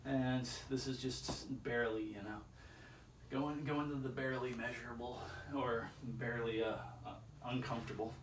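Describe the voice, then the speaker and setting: A man rambles casually through a self-filmed home workout, counting reps under his breath and sounding a little strained. His voice is medium-pitched, steady, and at normal speed, picked up from far off-mic in an echoey indoor room with chairs and faint ambient noise.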